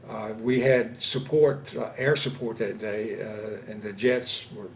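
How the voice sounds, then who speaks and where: A man in his seventies from Louisiana, recounting his war experiences in an oral history interview, speaking haltingly with many pauses and fillers. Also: fairly low pitch, steady tone, slight background noise. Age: 70s. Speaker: veteran interviewee. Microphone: interview camera setup.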